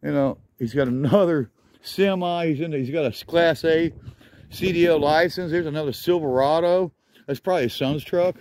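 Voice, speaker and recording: Outdoors at a junkyard, a vlogger films as he walks around, rambling eagerly and naming the vehicles while slightly out of breath. His voice is a little high and darkish, at a normal speed, with slight background noise. It's casual walk-around commentary.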